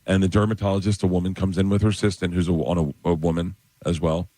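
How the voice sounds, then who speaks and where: A man's voice: quick pace, dry recording. A man in his fifties, a comedian telling stories on a radio show, acting out the voices of the people in them. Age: 50s. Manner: animated storyteller, acts out quoted voices in a higher pitch. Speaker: stand-up comedian guest.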